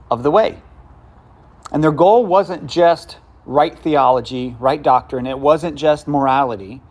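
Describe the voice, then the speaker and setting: A man preaching a sermon in a conversational way, with asides, restarts and questions to the congregation. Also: a little high. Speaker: pastor.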